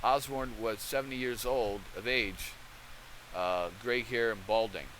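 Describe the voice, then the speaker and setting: A man's voice: mid-range voice, a little slow, fairly bright tone, a little hiss or hum, rough recording. A man hosting a channel, talking in rambling casual commentary and often checking in with the listener. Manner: rambling, conversational, keeps checking in with okay. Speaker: channel host.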